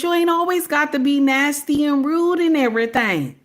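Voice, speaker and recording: A woman's voice: high voice, lively intonation, moderate pace. Sassy Southern woman lecturing her viewers. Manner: preachy, sassy, talks straight to viewers with "baby" and "okay?". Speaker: livestream host. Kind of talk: casual livestream talk.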